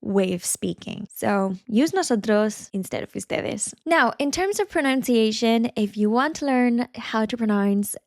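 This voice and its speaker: A woman's voice: on the high side, moderate pace, few pauses, darkish tone, dry recording, clean studio sound. A woman from Madrid with a Spanish accent, teaching Spanish phrases in a chatty video lesson with plenty of examples. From Madrid, Spain.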